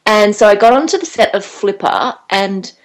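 Chatty Australian actress on air. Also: female voice, medium pitch, animated, normal speed, background noise. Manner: chatty, rambling, laughs easily. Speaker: actor guest. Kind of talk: casual radio interview chat.

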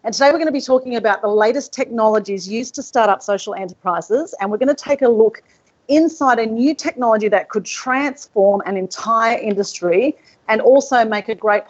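An Australian woman hosting a podcast remotely from a holiday resort. She talks in an effusive, chatty way at a mid pitch. The sound is dull and lo-fi, like a remote line. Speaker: podcast host. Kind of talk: casual podcast chat.

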